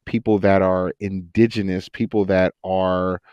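A man with a slightly low voice chats in a podcast interview, animated and quick to laugh. He tells stories and jumps into other people's voices to act them out. The sound is dry and close, with no room around it. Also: smooth, no room sound, dull audio. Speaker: actor and voice actor, podcast guest. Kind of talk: casual interview chat.

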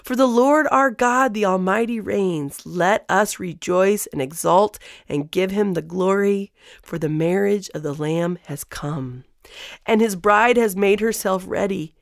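A woman's voice: mid-range voice, measured pace, vocal fry, no echo. A woman leads a devotional Bible teaching in a friendly, conversational way. Her voice sits in a middle range and lifts with energy when she reads scripture aloud. The recording is dry and close. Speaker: podcast host and Bible teacher.

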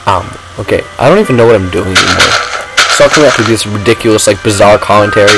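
A man's voice: fairly low pitch, fast, loud music behind the voice, poor audio. A man giving rambling, self-mocking commentary while playing a video game. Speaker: gaming vlogger. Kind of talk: casual gameplay commentary.

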